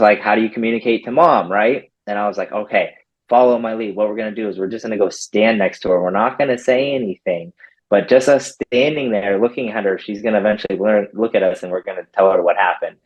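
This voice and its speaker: Dog trainer guy telling a story, husky voice, kinda muffled audio. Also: on the low side. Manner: animated, acts out quotes with lots of "like". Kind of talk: casual storytelling in an interview.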